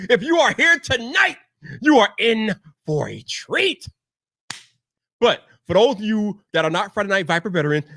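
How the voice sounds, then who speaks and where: A man hosting a tech live stream, hyping up his audience with repeated catchphrases and shouted greetings to viewers in the chat. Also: high voice, no room sound, studio quality. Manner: energetic, repetitive hype with shouted catchphrases. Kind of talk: hyped live-stream banter.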